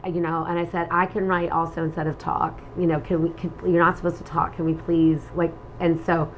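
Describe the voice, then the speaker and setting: A middle-aged woman co-hosting a relationship talk show, telling personal stories with animated energy and acting out the lines she quotes. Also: on the low side, highs cut off, slight background noise. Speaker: relationship podcast co-host. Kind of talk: casual chat.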